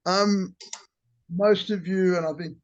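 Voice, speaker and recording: A man on a video call telling a relaxed anecdote, with hesitant fillers. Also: sits high, takes it slowly, muffled recording. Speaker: community member. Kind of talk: casual storytelling.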